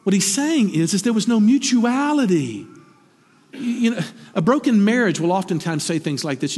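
The long reverb of what sounds like a church sanctuary surrounds a middle-aged pastor preaching at a moderate pace. His sermon is spirited and conversational, peppered with rhetorical questions for the congregation, delivered in a high, faintly husky voice with lively pitch changes.

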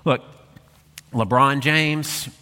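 A male pastor preaches a sermon in a conversational, emphatic style and keeps asking rhetorical questions. His voice sits at a middle pitch for a man. The church hall leaves a long reverb on every line. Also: very slow, bright, forceful tone, smooth.

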